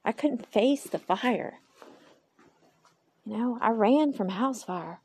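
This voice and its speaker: Gravelly, husky woman talking to herself. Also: fairly high pitch, lively intonation, takes it slowly, darkish tone. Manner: candid, rambling, talks to herself aloud; faith-filled, speaks of God. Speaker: podcast host. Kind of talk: personal podcast monologue. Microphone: phone.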